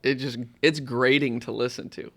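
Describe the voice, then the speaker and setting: A man with a mid-pitched, bright and forceful voice co-hosts a casual podcast. He throws in wry, teasing comments. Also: steady tone, moderate pace. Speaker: podcast co-host. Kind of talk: casual chat.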